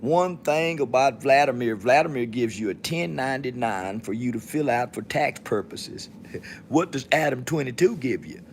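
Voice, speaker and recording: A man from Texas talks alone on his podcast with a Southern accent. His voice is gravelly, with a low rasp under his ordinary middle pitch. He rants in a crude, swaggering, mocking way. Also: lively intonation, moderate pace, a little hiss or hum. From Texas, USA. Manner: profane, swaggering, mocking rant. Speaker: podcast host. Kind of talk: solo monologue to camera.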